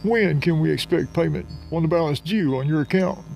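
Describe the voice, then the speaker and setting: A stiff, condescending bill collector, voiced by a man, reels off formal demands at a brisk clip. He talks down to the listener in clipped corporate phrases. Faint music sits behind him. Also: a little high, gravelly, darkish tone, low-quality recording.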